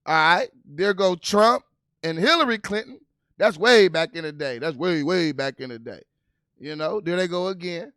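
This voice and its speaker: High bright-voiced man, casual commentary. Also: normal speed, dry recording, clean studio sound. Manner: animated, laughing, talks to viewers as "you guys"; reads news aloud while scrolling. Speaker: political commentary vlogger.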